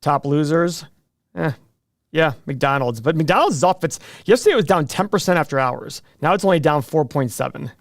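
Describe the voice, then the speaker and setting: Middle-aged male host, slightly high voice, dry close sound, joking and self-mocking. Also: no echo. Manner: joking, self-deprecating, quick asides. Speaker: show host answering viewer questions. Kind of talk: casual livestream chat.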